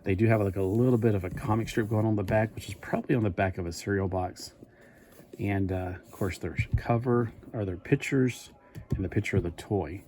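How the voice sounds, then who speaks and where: Low-voiced man rambling about toys. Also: brisk, darkish tone, a little hiss or hum. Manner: rambling, chatty, thinking aloud. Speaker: toy reviewer. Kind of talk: casual toy review vlog.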